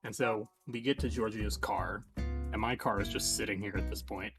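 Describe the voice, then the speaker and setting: A man streaming live, telling a long rambling comic story in a meandering deadpan way, trailing off and restarting. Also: fairly low pitch, moderate pace, over music.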